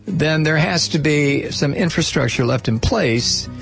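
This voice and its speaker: A man's voice: on the high side, unhurried, vocal fry, faint music behind. A man hosting a talk show, reading news reports aloud with many fillers and breaking off into scornful remarks. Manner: hesitant, with frequent fillers. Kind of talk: news commentary with sardonic asides.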